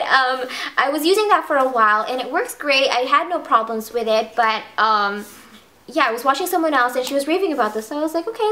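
A woman's voice: sits high, pushed and bright. A young woman chatting casually in a beauty vlog, bubbly and gushing, with many ums and restarts. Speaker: beauty vlogger. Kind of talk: casual monthly favorites vlog.

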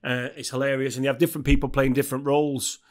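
A man's voice: mid-range voice, level tone, rapid-fire. A man, co-hosting a podcast with boisterous, sweary banter. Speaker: podcast co-host. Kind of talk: casual chat.

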